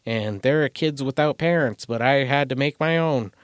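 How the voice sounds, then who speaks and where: A man's voice: mid-range voice, moderate pace, no room sound. Rambling, crude man on a dry mic. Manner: rambling, crude, self-deprecating, lots of swearing. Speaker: podcast host. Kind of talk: casual solo podcast monologue. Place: small closet.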